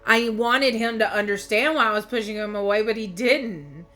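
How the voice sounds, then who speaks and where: A woman's voice: fairly high pitch, normal speed, fairly bright tone, faint music behind. A woman tarot reader talking candidly to her viewers in a rambling, emotional way, often restarting her sentences. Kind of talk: candid personal storytelling to viewers.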